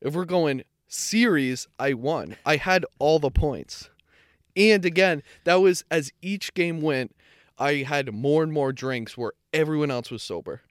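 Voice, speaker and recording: A young man chats casually, telling a meandering story that keeps doubling back on itself, and he swears freely. His voice is smooth and clear. The room is dry, with little reverb. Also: a little high, a little slow. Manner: rambling storyteller, swears freely, self-correcting. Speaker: podcast co-host. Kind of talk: casual chat.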